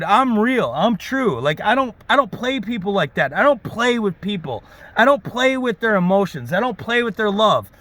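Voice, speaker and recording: A man rants to camera in a lively, animated voice that sits high for a man, swinging up and down as he preaches. He keeps checking in with "okay?" and "right?" The recording is dry, with no room echo. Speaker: auto service technician vlogger. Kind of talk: ranting monologue to camera.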